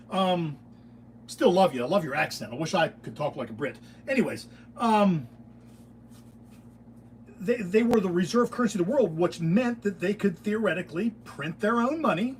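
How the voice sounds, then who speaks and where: Middle-aged American man, higher voice, rambling opinionated shop-talk host, heard from a distance. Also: animated, moderate pace. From United States. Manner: opinionated, digressive, self-interrupting with restarts. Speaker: beekeeping channel host. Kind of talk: casual rambling monologue. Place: workshop. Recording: distant mic with faint room noise.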